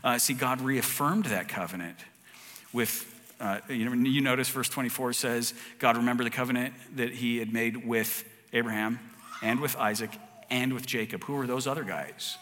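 A man's voice: mid-range voice, normal speed, a bit bright, long reverb tail. A man preaching a sermon in an earnest, conversational way, often restarting his phrases. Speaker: pastor.

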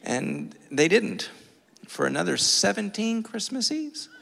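A man preaches in a church sanctuary, his slightly high voice carrying a gravelly edge. He tells his story with animated, self-mocking humor, and the long reverb of the hall trails each phrase. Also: a little slow. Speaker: pastor.

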